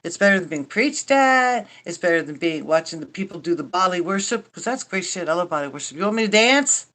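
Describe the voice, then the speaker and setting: Older woman host, low-pitched, chatty and rambling with dry self-mocking humor and casual cursing. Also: lively intonation, brisk, a bit bright. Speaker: livestream host. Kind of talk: casual livestream chat.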